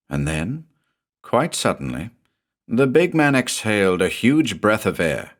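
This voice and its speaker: A man narrating a horror story in a measured, dramatic storytelling voice. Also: lowish voice, sing-song.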